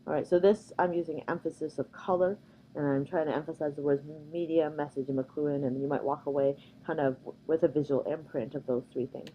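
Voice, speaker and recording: Canadian woman lecturer, very low voice, casual filler-heavy delivery, faint room hiss. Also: steady tone, a little fast, lo-fi sound. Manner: conversational, many ums and uhs. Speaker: workshop presenter. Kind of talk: recorded slide lecture.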